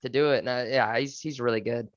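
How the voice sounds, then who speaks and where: A man co-hosts a podcast in an easygoing, relaxed way, pausing on fillers as he talks about books. His voice is smooth and resonant at a middle pitch. The recording is dry but slightly dull and lo-fi. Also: no echo. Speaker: podcast co-host. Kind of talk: casual book chat.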